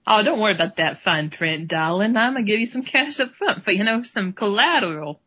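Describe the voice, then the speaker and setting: This is a woman playing a shady male music promoter who coaxes and wheedles in a bad put-on accent. The voice sits a little low and bright. The audio is dull and lo-fi. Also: animated, a little fast, breathy edge. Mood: wheedling.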